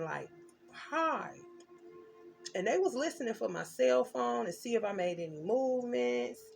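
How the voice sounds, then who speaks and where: Gravelly-voiced woman giving a tarot reading. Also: fairly high pitch, darkish tone. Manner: intense, emphatic storytelling with blunt slang. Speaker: tarot reader.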